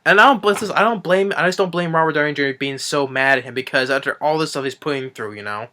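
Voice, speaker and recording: A man's voice: fairly high pitch, quick pace, pushed and bright, a little hiss or hum. A man recapping a movie in a casual review, rambling with frequent restarts and swearing.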